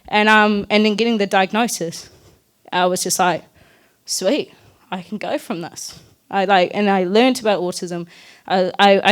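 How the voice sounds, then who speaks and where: A young woman, telling her personal story at a community talk in a candid, earnest, loosely chatty way. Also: mid-range voice. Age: young adult.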